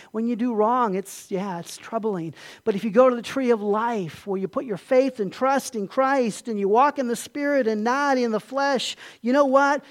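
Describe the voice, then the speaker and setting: A man delivering an emphatic sermon as a pastor, often asking his listeners questions. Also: very high-pitched. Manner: emphatic, asks the congregation questions.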